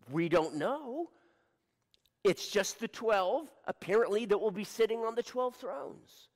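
A man preaching a sermon in a church hall, animated, asking the audience rhetorical questions and acting out scenes. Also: high voice, gravelly. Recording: long hall reverb.

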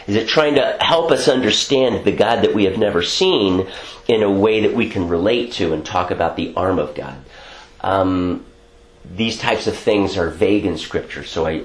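A man's voice: fairly low pitch, roomy sound. A man teaching a Bible class, talking through ideas and checking in with "okay?" often.

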